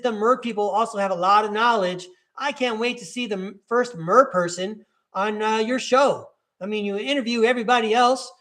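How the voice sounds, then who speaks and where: Upbeat high-voiced man reading tarot. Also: fairly bright tone. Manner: upbeat and encouraging, addresses the listener directly. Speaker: tarot reader and podcast host. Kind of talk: live tarot reading, casual chat.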